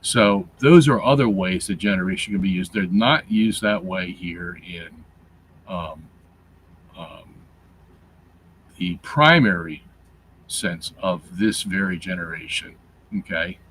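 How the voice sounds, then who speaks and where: A man with a somewhat low voice talks very slowly as he works through a scripture commentary and its Greek grammar. He explains deliberately, repeating words and using fillers as he goes. Faint background noise sits under his voice. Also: fairly bright tone, low-quality recording. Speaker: show host reading his Bible commentary.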